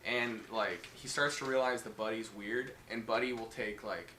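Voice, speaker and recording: A man's voice: on the low side, steady tone, pushed and bright, reverberant, slight background noise. A man casually recapping a horror movie, rambling and swearing often, with many fillers, and briefly putting on the characters' voices. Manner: rambling, profane, acts out characters in quick voices. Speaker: podcast co-host.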